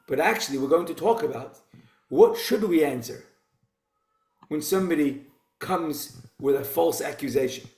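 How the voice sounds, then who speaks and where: A man's voice: a little high, a little mellow. Man giving a Torah class in a roomy echo. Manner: conversational, rhetorical questions. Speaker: rabbi teaching a Torah class. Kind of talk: informal Torah lecture.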